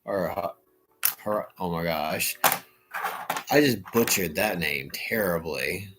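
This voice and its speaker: A man hosting a casual livestream chat, talking in an animated way and bursting into playful shouting impressions. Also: deep voice, slow, background noise. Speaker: livestream host.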